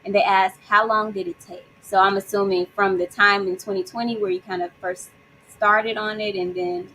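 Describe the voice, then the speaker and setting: A woman hosting a virtual read-aloud who reacts warmly and reads out audience questions. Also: mid-range voice, level tone, moderate pace, a little hiss or hum, poor audio. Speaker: host. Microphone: video call.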